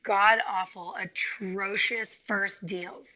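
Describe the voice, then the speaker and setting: A woman real estate agent tells a work story on a podcast over a video call, animated and swearing freely, acting out every quote. Her voice is bright and sharp. The call audio sounds a little dull. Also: mid-range voice, takes it slowly. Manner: animated, profane, acts out quotes. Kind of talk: casual storytelling chat. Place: home, remote video call.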